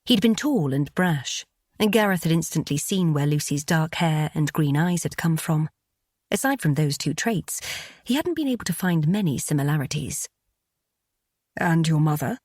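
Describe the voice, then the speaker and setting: A woman narrating a romance audiobook in a calm, even storytelling manner. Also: sits low, moderate pace, no room sound, studio quality.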